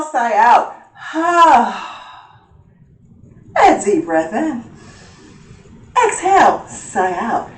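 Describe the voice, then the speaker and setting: A woman leading a yoga class, playful and giggly as she calls out each breath and pose. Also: medium pitch. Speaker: yoga instructor. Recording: roomy echo, voice from a distance.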